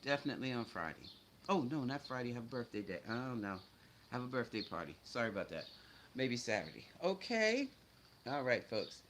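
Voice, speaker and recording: A middle-aged man hosts a casual livestream in a mid-range, fairly bright, sing-song voice, talking briskly. He greets viewers by name and answers chat comments bluntly and chattily, scolding trolls. The recording is rough, with slight background noise.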